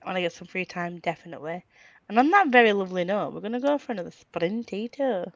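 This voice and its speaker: A woman's voice: medium pitch, lively intonation, fast talker, no room sound, muffled recording. Bubbly woman hosting a video call chat. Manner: bubbly, swearing, laughs a lot. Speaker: host. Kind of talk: casual chat.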